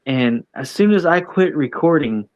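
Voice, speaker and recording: A man's voice: a little high, lively intonation, measured pace, darkish tone, lo-fi sound. A man earnestly telling his story as a guest, repeating points for emphasis. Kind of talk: casual storytelling.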